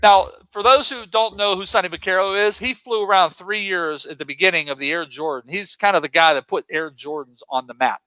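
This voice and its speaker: A man from western Pennsylvania, a guest motivational speaker, telling stories with excitable, punchy emphasis. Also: sits high, fairly quick, hardly any pauses, no room sound, rough recording. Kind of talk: energetic storytelling.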